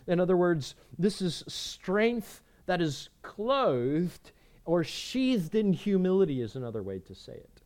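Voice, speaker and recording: An earnest male pastor delivering a sermon in a slightly higher voice. He presses his points with repeated words and moves between emphatic lines and quiet, measured ones. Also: big pitch swings.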